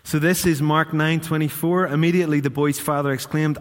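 A man's voice: fairly high pitch, steady tone, brisk, in a large hall. A man preaching a sermon in church, chatty and questioning his congregation. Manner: conversational, asks the congregation questions. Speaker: pastor.

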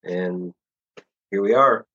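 A man with a lowish voice answers as an author guest in a relaxed, rambling way, often restarting his sentences and leaning on fillers. The sound is a bit dull and lo-fi. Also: slow pace, slightly rough. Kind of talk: casual podcast interview.

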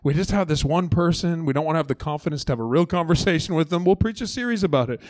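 Pastor guy preaching from the stage, lively and chatty, kinda high voice, dry sound. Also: fast, few pauses, dry recording. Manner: conversational and animated, acting out voices of the story. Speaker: lead pastor. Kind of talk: sermon. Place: church auditorium stage.

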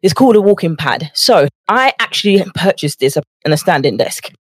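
A woman's voice: fairly low pitch, big pitch swings, moderate pace, slightly rough, no room sound. A woman, a nutrition coach hosting a motivational podcast from her home office. She is chatty and acts out quoted voices, a little out of breath from walking on a treadmill pad.

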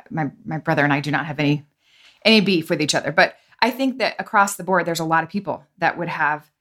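Lower-voiced playful woman host. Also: fairly bright tone. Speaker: podcast host. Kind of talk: casual chat.

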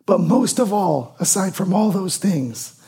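Hoarse husky middle-aged pastor. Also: male voice, high-pitched, expressive, unhurried. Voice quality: husky, raspy. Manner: warm, earnest, with repeated emphatic phrases. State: hoarse, losing his voice. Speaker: guest pastor. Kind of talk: sermon. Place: church sanctuary.

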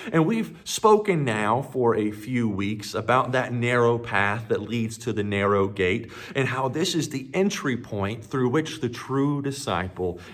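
A male pastor preaching a sermon with emphatic delivery, building up as he quotes scripture. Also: mid-range voice.

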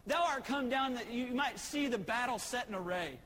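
A man doing scornful big brother Eliab, low. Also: lively intonation, normal speed, a bit bright.

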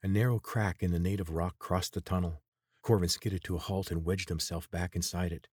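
A man reading an adventure story aloud in a steady, measured narration. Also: low-pitched, breathy edge, no echo, clean studio sound. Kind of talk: scripted audiobook narration.

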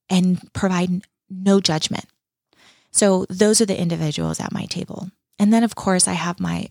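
A woman's voice: lowish voice, gravelly, a little mellow, dry recording, studio quality. A middle-aged woman speaking as a guest in an interview, earnest and heartfelt, repeating key words for emphasis. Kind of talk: reflective personal interview talk.

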